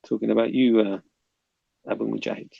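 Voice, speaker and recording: South London man reading chat, gravelly. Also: lowish voice, steady tone, brisk, no echo, lo-fi sound. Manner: reads viewer comments aloud, chatty and bantering. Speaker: livestream host reading chat. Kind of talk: casual livestream chat.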